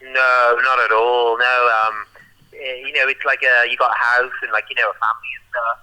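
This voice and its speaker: A man's voice: medium pitch, flat delivery, a little fast, pushed and bright, low-quality recording. A young man with a Birmingham accent, speaking in a rambling casual interview full of fillers. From Birmingham, England. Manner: rambling, full of "like" and "you know". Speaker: roller skating performer.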